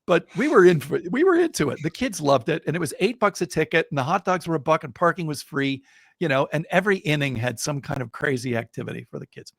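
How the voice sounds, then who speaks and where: Middle-aged guy telling a story on a podcast, animated, bit of fry in his voice, dead dry mic. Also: on the high side, fast talker, no room sound. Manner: animated, builds suspense with rising excitement. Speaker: guest storyteller. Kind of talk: casual interview, telling an anecdote.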